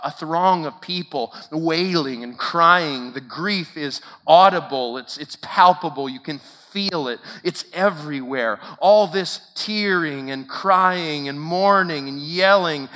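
Slow, bright-voiced male preacher in a hall. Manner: dramatic, swinging from loud emphatic peaks to hushed low asides; asks the listeners rhetorical questions. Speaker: preacher at a youth camp. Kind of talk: sermon. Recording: long hall reverb.

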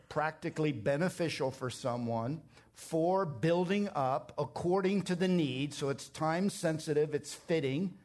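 Emphatic preaching man, fairly high voice. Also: a little mellow. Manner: emphatic preaching, rising in pitch when pressing a point. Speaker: pastor. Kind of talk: sermon.

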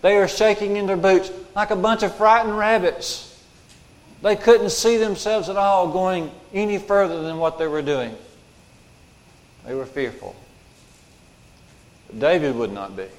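A man's voice: sits high, a little slow, pauses often. A man preaching a sermon as pastor, emphatic and repeating his key lines for weight. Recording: long hall reverb.

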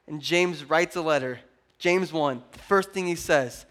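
A man in his thirties preaching a sermon to a congregation, animated and joking with the crowd. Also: a little high, unhurried. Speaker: pastor.

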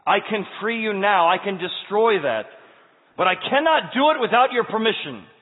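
A man voicing a mighty male angel who speaks loudly, firmly and earnestly, from a tinny recording in an echoey hall. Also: high voice, very animated, normal speed, pitched above the performer's own voice. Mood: urgent. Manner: loud, firm and earnest.

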